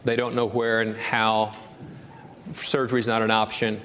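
A man preaching a sermon as pastor, telling a story and rising to an impassioned high pitch when he quotes scripture. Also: completely flat delivery, measured pace, a bit bright, a little hiss or hum. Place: church sanctuary. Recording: long hall reverb, faint ambience.

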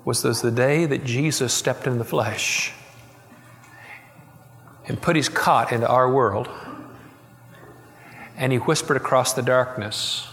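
A middle-aged man preaching a sermon, telling a story and quoting it with slow, soft emphasis. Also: medium pitch, fairly even intonation, long reverb tail, soft background music. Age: middle-aged or older. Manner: storytelling, quoting, slowing and softening for tender moments. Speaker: pastor.

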